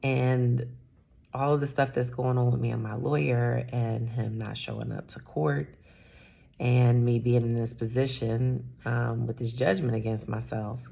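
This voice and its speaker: A woman's voice: extremely low pitch, fairly even intonation, a little slow, gravelly, warm tone. A woman in her fifties, a salon owner, talking candidly and rambling a little in a personal vlog, sometimes dropping to a whisper. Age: 50s.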